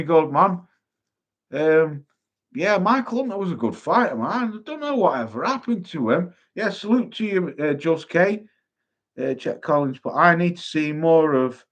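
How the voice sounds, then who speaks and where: A man hosting a casual boxing chat stream, sweary and quick to laugh while reading out viewer comments. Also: mid-range voice. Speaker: boxing livestream host.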